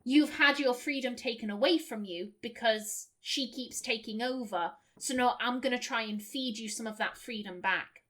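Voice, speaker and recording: A young woman from Lancashire with a softened Lancashire accent, chatting casually and rambling as she plays and comments on a game. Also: a little high, normal speed, hardly any pauses. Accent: Lancashire, softened toward standard British. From Lancashire, England. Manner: chatty, rambling, stumbling restarts, laughing asides. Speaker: game streamer. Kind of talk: casual let's play commentary.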